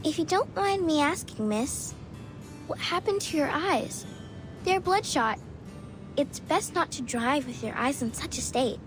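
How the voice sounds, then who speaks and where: A woman's voice: sits high, lively intonation, measured pace, over music, pitched above the performer's own voice. A woman voicing a polite, talkative sheep-headed woman arcanist. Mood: chatty.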